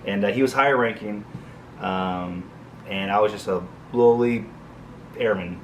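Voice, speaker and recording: A man's voice: on the low side, measured pace, a little hiss or hum. A man in his thirties casually telling a long military story, rambling with lots of fillers and jokey asides. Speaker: Air Force crew chief telling a story.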